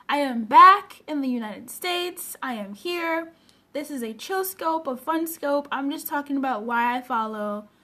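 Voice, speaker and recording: A young woman coach chatting on a livestream, greeting viewers by name with bubbly, gushing enthusiasm. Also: bright, forceful tone. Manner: bubbly, gushing greetings with big pitch jumps. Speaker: personal development coach livestreaming.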